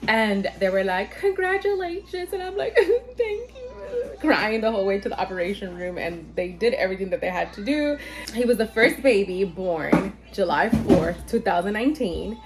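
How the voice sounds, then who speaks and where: A woman's voice: mid-range voice, normal speed, music in the background. A woman telling a casual storytime vlog. She talks animatedly, swears freely and acts out what other people said. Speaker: vlogger telling her birth story.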